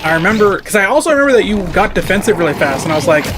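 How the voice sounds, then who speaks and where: A man's voice: high voice, sing-song, rapid-fire, noisy background. A man chatting casually while he plays a game on stream, loose and rambling, full of "like" fillers. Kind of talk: casual chat.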